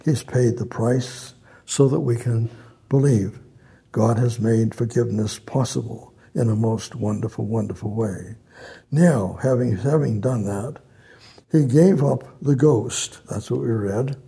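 A man's voice: medium pitch, a little slow, creaky, dark tone, husky. A man preaching a sermon, reading scripture aloud and repeating his phrases as he explains them.

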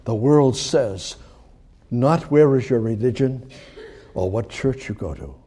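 A man preaching a sermon in an animated, rambling way, often restarting his sentences. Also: medium pitch, slow, husky.

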